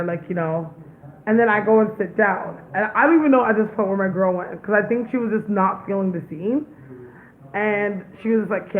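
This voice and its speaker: A young woman telling a story straight to her viewers, blunt, profane and full of emphasis. Her voice comes through thin and phone-like, with a faint hiss underneath. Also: medium pitch. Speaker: psychic medium vlogger. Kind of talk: casual storytelling.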